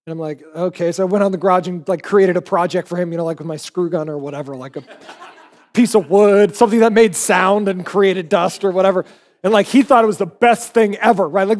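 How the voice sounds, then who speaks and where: A man's voice: high-pitched, quick pace, darkish tone. A man in his forties, a pastor preaching a sermon, telling stories animatedly and acting out the voices he quotes.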